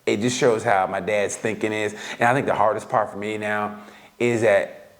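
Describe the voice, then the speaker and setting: A man's voice: fairly low pitch, moderate pace. A man on a podcast telling stories casually, swearing and laughing often. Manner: relaxed storytelling, profane, laughs often. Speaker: podcast co-host. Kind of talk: casual chat.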